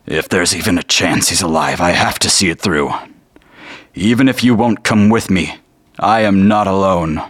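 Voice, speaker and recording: A man's voice: low-pitched, normal speed, dry recording, voice pushed up. A man voicing a resolute male holy warrior who refuses to turn back. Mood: determined. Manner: determined, earnest. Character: resolute male paladin adventurer.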